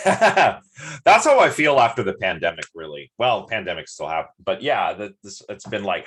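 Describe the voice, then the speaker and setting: A man's voice: fairly low pitch, big pitch swings, normal speed, fairly bright tone, slightly rough. A man giving a live-streamed lecture, chatty and rambling, with many ums and restarts.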